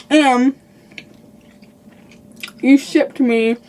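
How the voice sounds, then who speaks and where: Woman, fairly high voice, casual gushing beauty vlogger, upbeat review delivery. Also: takes it slowly, pauses often, darkish tone. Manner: upbeat, gushing, repeats "definitely" and "really". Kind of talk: casual chatty product review.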